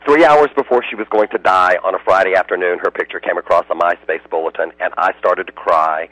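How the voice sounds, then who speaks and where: A man's voice: deep voice, a little fast, fairly bright tone, no echo, rough recording. An American man, a radio interview guest, telling emotional stories and slipping into other people's voices. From United States.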